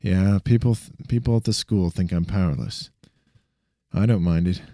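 Man reading as a low, calm young hero, matter-of-fact, dark tone. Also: moderate pace, dry recording, studio quality.

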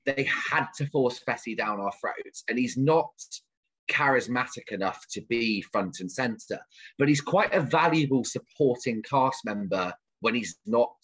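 A man's voice: medium pitch, fairly bright tone, slightly rough. A man co-hosting a podcast, chatting casually about a reality show and often correcting himself. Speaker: podcast co-host. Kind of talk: casual recap chat.

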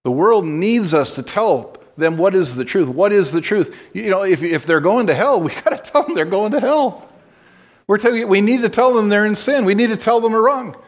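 Blunt preaching pastor, higher-pitched man. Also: expressive, normal speed. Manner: conversational storytelling with blunt exhortations and frequent restarts. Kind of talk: sermon.

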